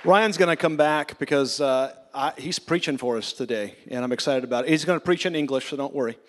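A man's voice: mid-range voice, brisk, a bit bright. A man, the church's pastor, addressing his congregation in an encouraging way with frequent fillers. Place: church sanctuary. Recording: long church hall reverb.

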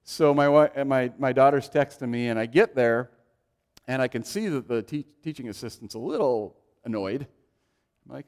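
Middle-aged guy preaching, tells stories, does little voices for people, medium pitch. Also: moderate pace. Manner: animated, acts out quoted voices in anecdotes. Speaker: pastor. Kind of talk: sermon with storytelling.

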